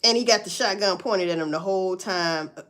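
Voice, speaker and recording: A woman's voice: mid-range voice, fairly quick, a bit bright. A woman talking bluntly and profanely to her viewers, preaching about work and faith in casual commentary. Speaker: social media commentator. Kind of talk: casual live-stream commentary.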